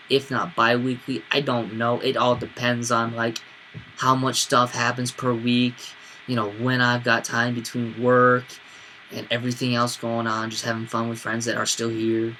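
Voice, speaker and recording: Chatty young man with a bright voice. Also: mid-range voice, a little hiss or hum. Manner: rambling, lots of fillers and restarts. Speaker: vlogger. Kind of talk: casual storytelling rant.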